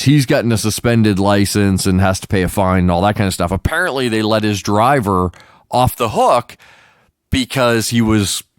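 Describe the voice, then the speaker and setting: A man's voice: lowish voice, no room sound, clean studio sound. A man hosting a comedy show, running through odd news stories in a joking, profane, rambling way. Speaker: show host. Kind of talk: casual comedic news roundup.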